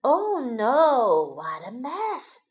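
A woman voicing a gentle, busy mother rabbit in a children's storybook, speaking in a soft, fond, motherly way. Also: high-pitched, expressive, slow, muffled recording. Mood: fussing.

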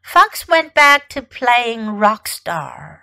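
Casting note: woman teacher narrating a picture book, high, lively voice, unhurried. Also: vocal fry, clean tone. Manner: slow, expressive read-aloud. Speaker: English teacher. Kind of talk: bilingual storybook reading.

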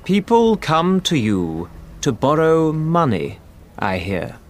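A man voicing an important, self-assured aristocrat in an audiobook, speaking in a measured way. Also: fairly high pitch, huge pitch swings, faint music behind, voice pushed up, full character voice.

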